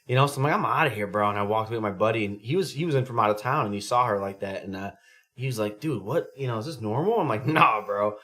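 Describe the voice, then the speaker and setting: A podcast co-host with a lowish voice talks quickly in casual conversation. He tells stories with animated energy, swears heavily and acts out what people said.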